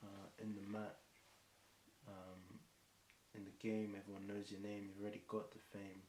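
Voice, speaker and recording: Rambling spontaneously with many ums, a British freestyle rapper delivers a long improvised set of rhymes. His lowish, slightly mellow voice is completely flat at a moderate pace. The echoey room carries a faint hiss.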